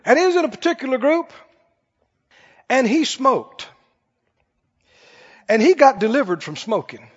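A man preaching a sermon in an animated, conversational way to a church congregation. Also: very high-pitched, a little slow, long pauses. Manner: animated, conversational, acts out quoted voices. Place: church hall. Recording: dull recording with long hall reverb.

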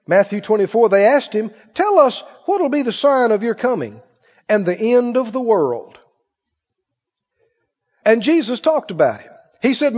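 Preacher, man, high and lively, emphatic repetition, dull echoey church recording. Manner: emphatic, repeats phrases, mimics other voices. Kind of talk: sermon.

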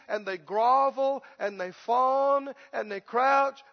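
A man preaching a sermon with passion, dropping into a soft pleading whimper to mimic beggars and rising to bold declarations. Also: extremely high pitch, unhurried, few pauses. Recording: dull sound with long hall reverb.

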